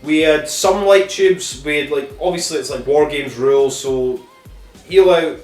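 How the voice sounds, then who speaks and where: A man hosting a wrestling review podcast, recapping matches in a casual, rambling way and swearing constantly, often pausing on ums and correcting himself. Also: on the high side, a little mellow. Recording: echoey room, distant mic, faint music.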